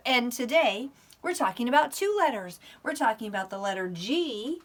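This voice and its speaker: An older woman teaching a children's lesson, sounding out letters slowly and animatedly for small children. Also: on the high side, lively intonation. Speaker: preschool teacher.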